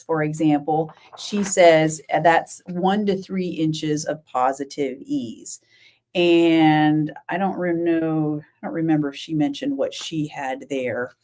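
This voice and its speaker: With a low, slightly mellow voice, this middle-aged knitting podcast host runs a relaxed live-stream. She rambles and chats, laughs a lot, and replies to viewers by their names.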